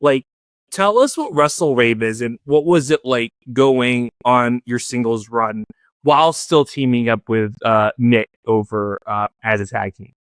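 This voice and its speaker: A man's voice: mid-range voice, unhurried, no room sound, studio quality. A man hosting a casual podcast interview, giggly and easily amused. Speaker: podcast host.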